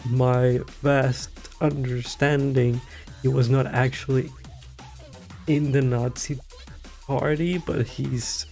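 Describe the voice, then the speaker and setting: A man's voice: medium pitch, vocal fry, mellow. A man giving an irreverent, profane, rambling comedy rant about game lore, with giggly asides. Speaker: video creator.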